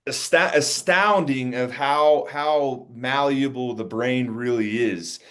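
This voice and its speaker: A man's voice: medium pitch, takes it slowly, a bit bright. A man hosting an interview, reacting in a reflective way. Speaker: host, interviewer. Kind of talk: interview chat.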